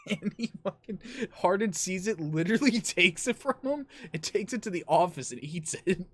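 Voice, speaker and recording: A man's voice: sits high, expressive, normal speed. Young male podcast host, loose storyteller, swears a lot. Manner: swears freely, rambling storytelling with laughs. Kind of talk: casual chat.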